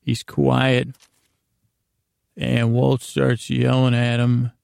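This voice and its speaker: A man hosting a slow bedtime podcast, recapping a TV episode in a meandering, hesitant way with frequent restarts. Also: mid-range voice, monotone, gravelly, a little mellow, smooth, dry recording, clean studio sound. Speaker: podcast host.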